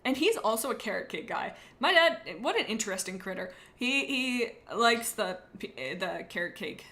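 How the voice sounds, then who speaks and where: A woman's voice: on the high side, very animated, normal speed, fairly bright tone. A woman streamer chatting casually to her live viewers, rambling and joking as she goes.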